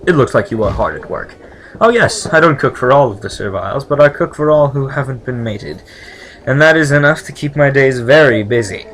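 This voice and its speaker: A man's voice: medium pitch, a bit bright, close to an everyday voice, rough recording. A man voicing a bustling, chatty female servile cook from a game, reading her lines aloud in a raised voice.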